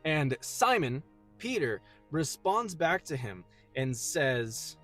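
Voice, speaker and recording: A man's voice: mid-range voice, big pitch swings, fairly bright tone, faint music behind. Earnest man giving a casual Bible teaching. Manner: earnest, emphatic, slows down to read verses. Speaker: host.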